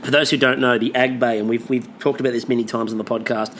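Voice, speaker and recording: A man co-hosting a podcast in casual chat, animated, swearing freely and listing things off. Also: medium pitch, fast, a little hiss or hum. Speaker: podcast co-host.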